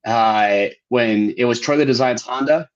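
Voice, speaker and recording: A man's voice: mid-range voice, unhurried, highs cut off. An American man, a podcast guest, chatting casually and explaining things in detail. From United States. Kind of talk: casual interview chat.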